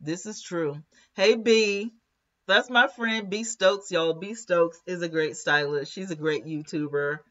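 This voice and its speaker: A woman's voice: lowish voice, a little slow, fairly bright tone, lo-fi sound. A woman hosting a live commentary stream, chatting casually, laughing often and reading viewer comments aloud.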